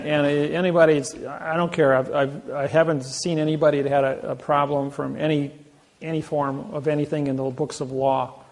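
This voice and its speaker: A man's voice: medium pitch, gravelly, a little mellow. A man telling boastful anecdotes in a rambling, casual way, often restarting his sentences. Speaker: self-described sovereign legal advocate.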